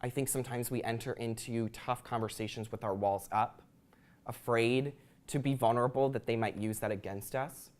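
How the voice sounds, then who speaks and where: A man's voice: medium pitch, fairly even intonation, moderate pace. A young man giving a prepared talk to an audience, earnest and reflective, with occasional ums. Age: young adult. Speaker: student speaker.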